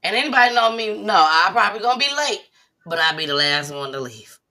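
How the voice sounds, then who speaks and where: Bright-voiced animated woman talk-show host. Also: fast. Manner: animated storyteller, bursts into loud high impressions. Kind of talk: casual chat.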